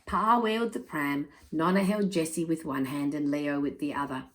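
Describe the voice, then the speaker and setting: A woman reading a children's picture book aloud in an expressive, measured way. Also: low-pitched. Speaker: storyteller.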